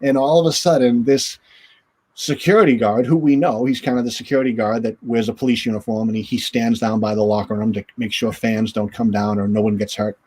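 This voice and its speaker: A former goalie talks through a long anecdote in a loose, rambling way, backing up and restarting his sentences. He slips into quick impressions of coaches and teammates along the way. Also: mid-range voice, slightly rough. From northern United States. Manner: rambling, animated storyteller acting out voices. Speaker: interview guest, former goaltender. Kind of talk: casual storytelling.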